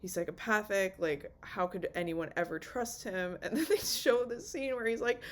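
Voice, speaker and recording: A woman's voice: medium pitch, moderate pace, hardly any pauses. Rambling, swearing young woman vlogger. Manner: rambling, swears a lot, acts out characters' lines. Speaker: vlogger reviewing a TV series. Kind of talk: off-the-cuff casual review.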